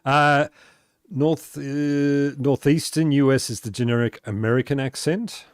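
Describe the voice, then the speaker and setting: Streaming a building game, a man talks casually in a mid-range, clear, resonant voice with fairly even intonation and a slightly slow pace. He laughs often and answers his chat aloud while playing. The recording is dry and clean, studio-like.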